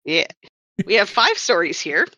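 A woman's voice: lowish voice, big pitch swings, a little slow, bright, forceful tone, dry recording. A woman who worked as a comics writer and colorist, chatting casually on a podcast and rambling with wry self-corrections.

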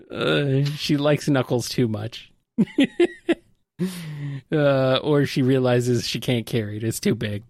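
A man's voice: on the high side, no echo. A man co-hosting a casual podcast, reading listener questions aloud and giggling often.

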